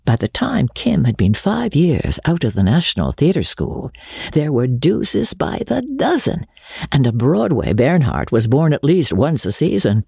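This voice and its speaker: A woman with a husky voice narrating a novel in a measured, expressive way. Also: extremely low pitch, no echo, studio quality. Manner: measured, expressive literary reading. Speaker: audiobook narrator. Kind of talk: scripted narration.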